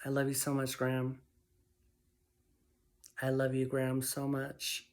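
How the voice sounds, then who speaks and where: Heartfelt woman with flat, steady pitch. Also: unhurried. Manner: emotional, heartfelt, repetitive affirmations. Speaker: vlogger. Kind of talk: personal storytelling vlog.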